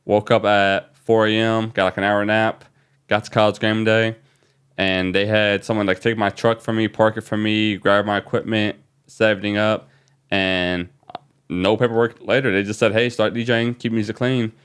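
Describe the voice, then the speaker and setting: A man from New Orleans, a young adult, guest on a podcast, telling an excited story with many fillers. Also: on the low side, normal speed, clear, resonant tone. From New Orleans, USA. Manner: animated, excited retelling with fillers. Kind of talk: casual storytelling.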